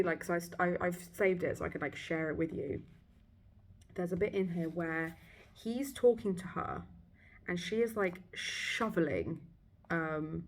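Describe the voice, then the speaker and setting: A young British woman in casual vlog chat, ranting and swearing sarcastically about a book. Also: fairly low pitch. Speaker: book vlogger. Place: hotel abroad.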